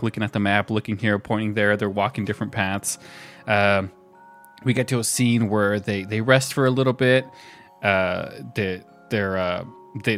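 A man casually retelling a sitcom episode as a podcast co-host, relaxed and chuckling often. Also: on the low side. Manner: relaxed storytelling with frequent laughs and fillers. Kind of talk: casual chat.

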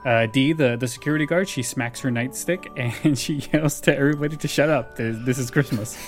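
A man's voice: mid-range voice, a little fast, faint music behind. Chatty man laughing through a recap. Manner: laughs often while retelling scenes. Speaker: podcast host recapping a sitcom. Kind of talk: casual chat.

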